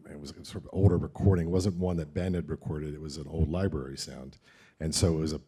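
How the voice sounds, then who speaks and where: A man, a sound designer, explaining his work in a relaxed, plain way in a casual interview. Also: very deep voice, fast talker, slightly rough.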